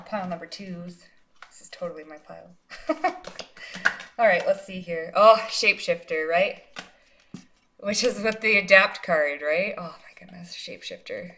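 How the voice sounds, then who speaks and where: A woman with a slightly low voice reads tarot cards for her viewers. She talks in a loose, chatty way and keeps checking in with "right?" as she encourages them. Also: fairly bright tone. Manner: casual, chatty, often tags lines with "right?" and "like"; encouraging, speaks directly to the viewer as "you". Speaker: psychic tarot card reader. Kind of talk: pick-a-card tarot reading to viewers.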